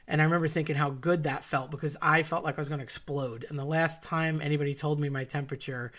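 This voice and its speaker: A woman's voice: sits low, fairly even intonation, fast talker, a bit bright. A woman telling a personal story with wry, self-mocking asides. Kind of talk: personal story told to an audience.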